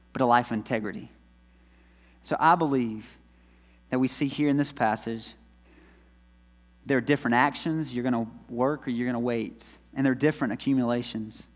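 A man preaching a sermon in a relaxed, conversational way, telling stories and repeating key phrases. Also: medium pitch, big-room sound. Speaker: pastor.

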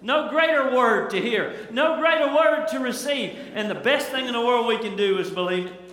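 A man's voice: very high voice, moderate pace, fairly bright tone. A male pastor preaching a fervent, emphatic sermon in a church sanctuary, recorded in an echoey hall.

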